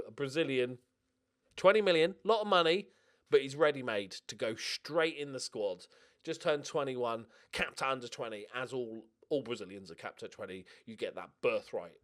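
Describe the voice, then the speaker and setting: Brief: young male gaming host, mid-pitched voice, chatty and jokey, excitable let's-play commentary with casual swearing.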